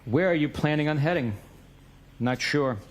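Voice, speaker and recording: A man's voice: on the high side, moderate pace. A man in a courtroom reading out both sides of a text message exchange, stating the date and time of each message.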